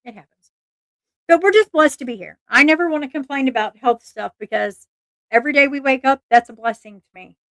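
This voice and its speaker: A woman's voice: high voice, a little fast, no room sound. A woman hosting a true crime livestream, telling a case in a casual, earnest way and turning often to talk to her chat. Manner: chatty, earnest, asides to chat, frequent restarts. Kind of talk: casual live-stream narration.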